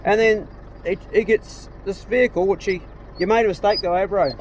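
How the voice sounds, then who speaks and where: A man's voice: sits high, steady tone, moderate pace, a little hiss or hum. A middle-aged man, chatting casually and bluntly on a vlog outdoors on a rural property. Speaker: vlogger. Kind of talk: casual chat.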